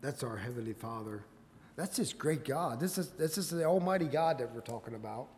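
Impassioned preacher in a reverberant hall. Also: male voice, mid-range voice, expressive, fairly quick, a little hiss or hum. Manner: impassioned, rising to loud emphatic peaks; quotes scripture in King James wording. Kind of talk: sermon. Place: church sanctuary.

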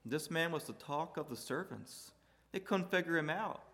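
A man preaching a sermon, building to loud emphatic peaks and dropping low and quiet between points. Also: lively intonation, moderate pace. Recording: hall reverb.

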